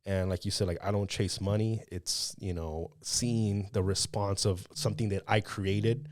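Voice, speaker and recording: Male podcast host, lowish voice, lively storyteller, dry close mic. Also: a little slow, no echo. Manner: laughs a lot, animated storytelling. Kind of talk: casual interview chat.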